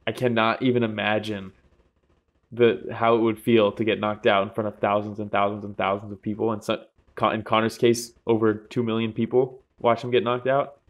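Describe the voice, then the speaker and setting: A young man co-hosting a fight podcast, talking excitedly, laughing often and swearing freely. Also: on the low side, moderate pace. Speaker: podcast co-host. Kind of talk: casual chat.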